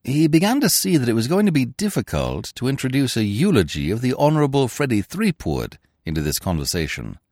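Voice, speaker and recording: A man narrating a classic novel in a measured, expressive storytelling manner, recorded on a close studio mic. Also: medium pitch, no echo.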